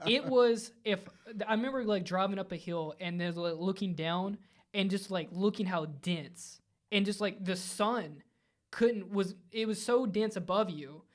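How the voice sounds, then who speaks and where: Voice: medium pitch, a little slow. A podcast co-host telling a long, rambling story in casual chat, often stopping and restarting mid-sentence.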